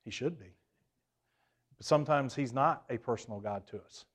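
The Bible study teacher has a mid-range voice with a breathy edge and a moderate pace. He keeps the class conversational, quizzing the group, stumbling over fillers, correcting himself, and lifting his voice emphatically at important points.

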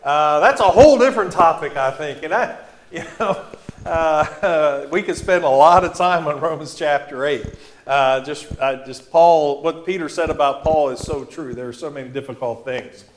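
A man teaching a Bible class in a church classroom, halting with many fillers and restarts, often quizzing his class. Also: fairly high pitch, steady tone. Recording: echoey room with faint noise.

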